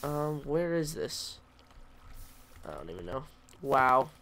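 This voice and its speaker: A man's voice: medium pitch, sing-song, slow, gravelly, fairly bright tone, slight background noise. A man giving casual commentary over his own gameplay, chatty and jokingly self-pitying, talking back to the creatures in the game. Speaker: let's play gamer.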